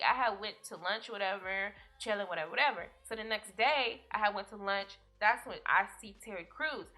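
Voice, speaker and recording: A woman's voice: fairly high pitch, pushed and bright. A young woman vlogger telling a rambling story time in a casual, profane way, often laughing.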